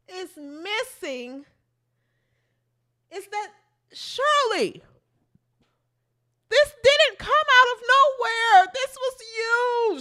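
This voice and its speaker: A woman's voice: extremely high pitch, pushed and bright. A woman hosting a comedic sports podcast, sassy and emphatic, calling people out directly. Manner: sassy, emphatic, talks straight at the person she criticizes. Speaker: podcast host.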